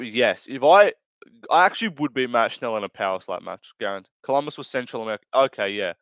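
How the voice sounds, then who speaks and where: A man's voice: medium pitch, lively intonation, fast, fairly bright tone, dry recording. A young man hosting a live stream, reading chat aloud in casual commentary, rambling through crude jokes, laughing often and correcting himself. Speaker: livestream host.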